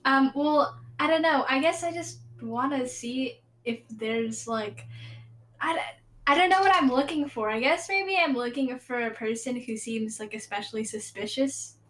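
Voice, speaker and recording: A woman playing a tabletop game, stammering and halting with many fillers. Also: high voice, fairly bright tone. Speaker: player.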